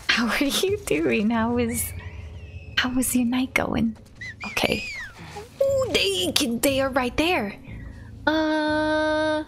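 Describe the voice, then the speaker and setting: A woman's voice: high voice, a little hiss or hum. A woman streamer giving casual commentary on her game and chatting with viewers. She often drops into a whisper while sneaking. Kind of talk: casual let's-play commentary.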